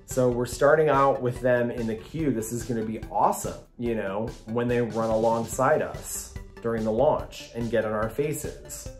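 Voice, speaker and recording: A man's voice: mid-range voice, normal speed, few pauses, soft background music. A man vlogging about theme park rides in casual, self-mocking group chat. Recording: roomy echo.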